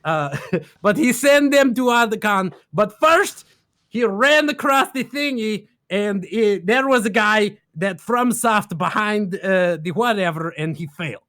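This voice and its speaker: A man's voice: high voice, expressive, measured pace, bright, forceful tone, dry recording, studio quality. A man casually recapping a game plot on a stream, rambling in broken grammar with lots of fillers and laughs.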